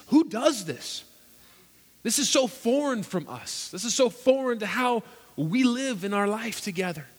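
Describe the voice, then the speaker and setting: A pastor preaches a sermon in a high-pitched, fairly bright voice, earnest and emphatic as he fires off rhetorical questions. The recording carries echoey hall reverb.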